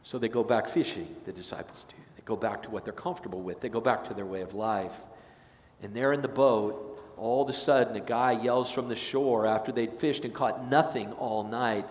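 A man's voice: on the low side, normal speed, a little mellow. A man preaching a sermon as pastor, telling the story casually and acting out the voices. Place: church sanctuary. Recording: echoey sanctuary, long reverb.

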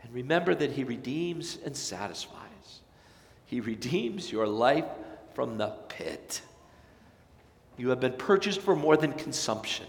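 A man preaching a sermon as pastor, swelling to loud emphatic peaks and dropping soft again, with folksy storytelling asides. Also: on the high side, creaky. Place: church sanctuary. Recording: long church reverb.

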